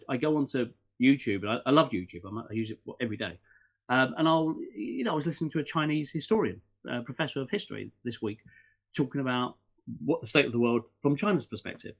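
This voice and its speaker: A middle-aged man, a podcast guest in casual interview chat who talks in animated, rambling bursts with many restarts and fillers. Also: medium pitch, fast.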